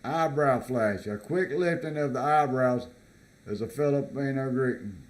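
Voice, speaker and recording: A US man reads list items aloud for a casual vlog, pausing and repeating himself with plenty of fillers as he comments. He speaks at a medium pitch.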